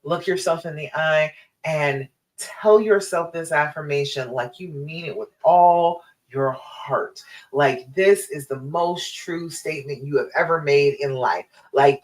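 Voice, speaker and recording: A woman's voice: on the low side, rough recording. Emphatic woman love coach. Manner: encouraging, emphatic, direct address. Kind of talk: live-stream coaching talk.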